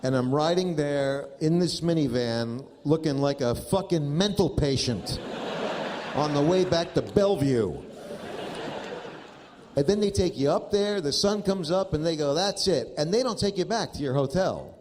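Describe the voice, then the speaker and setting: A stand-up comedian in his fifties tells stories in an exasperated, profane way. His voice is a little high and darkish in tone, animated, and moves at a moderate pace. This is a noisy live recording.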